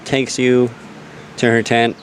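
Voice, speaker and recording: A young man running a tabletop game on stream as game master, narrating with lively, joking drama. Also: mid-range voice, slow, slight background noise.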